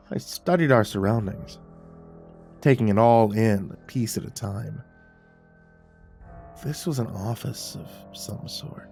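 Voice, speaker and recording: A man narrating a horror story in a wry, even storytelling manner. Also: medium pitch.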